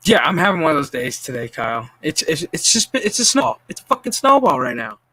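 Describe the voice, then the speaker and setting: A man's voice: fairly high pitch, very animated, quick pace, bright, forceful tone, husky, dry recording. A man hosting a stream, ranting in casual, profanity-heavy commentary with a sarcastic, exasperated manner and frequent stammered restarts. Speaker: streamer host.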